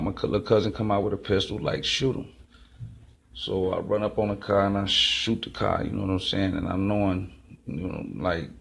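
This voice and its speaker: A man's voice: lowish voice, gravelly. A man telling a raw, profane life story in a casual monologue. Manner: raw, profane street talk. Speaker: host.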